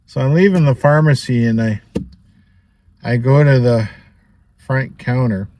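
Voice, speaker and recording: In a dry recording, a vlogger with a mid-range, darkish voice speaks at a measured pace while recounting something personal to camera. He rambles with many asides, small laughs and a steady stream of "you know."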